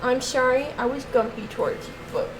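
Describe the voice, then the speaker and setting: A young adult woman streamer chatting casually while she plays, ranting with heavy swearing and switching to soft baby talk with her dog. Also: sits high, a little fast, noisy background. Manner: exasperated, heavily profane ranting. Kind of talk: casual live-stream chat.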